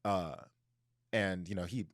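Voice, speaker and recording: A man's voice: low-pitched, slow, dry recording, studio quality. A man co-hosting a casual book discussion, retelling a story animatedly with lots of "like" fillers. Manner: animated, frequent "like" fillers, laughs while telling. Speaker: podcast co-host.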